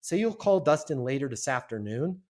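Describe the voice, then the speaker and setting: A man's voice: medium pitch, sing-song, normal speed, a little mellow. A man guesting on a business podcast, teaching sales in an emphatic, punchy way with casual swearing.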